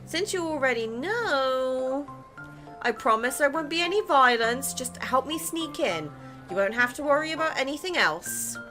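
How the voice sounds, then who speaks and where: A woman's voice: high voice, lively intonation, moderate pace. A woman gaming creator reading a romance game aloud in a playful, chatty way. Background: game music.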